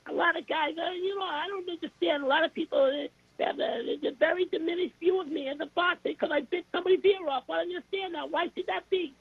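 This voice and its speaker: A man doing an impression of a famous heavyweight boxer, in a high, soft voice with a lisp. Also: fast, hardly any pauses, dry recording, dull audio. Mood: rambling.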